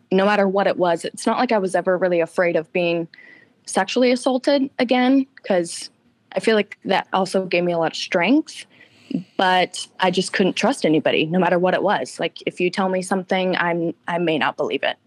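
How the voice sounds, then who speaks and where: A woman's voice: fairly low pitch, normal speed, no room sound. A woman guest giving a candid, emotional personal account in an interview, tearful at times.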